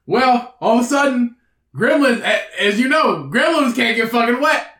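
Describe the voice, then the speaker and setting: A man with a very high voice trades rambling, profane tales with his friends and keeps breaking into laughter. The recording picks up the echo of the room around them. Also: expressive, normal speed, pushed and bright. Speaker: podcast co-host. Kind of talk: casual banter, storytelling. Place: room indoors.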